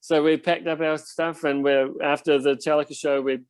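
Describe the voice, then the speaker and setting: Young NZ male muso, rambling anecdotes, slightly high voice, dry close sound. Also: flat delivery, fairly quick, clean tone, dry recording. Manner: laid-back, rambling storyteller with many fillers. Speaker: touring band musician. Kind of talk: casual interview chat.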